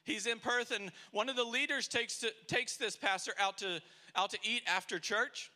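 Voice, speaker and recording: A man's voice: high voice, normal speed, pushed and bright. A man preaching a sermon in a church, telling stories with energy and acting out the people he quotes. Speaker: pastor.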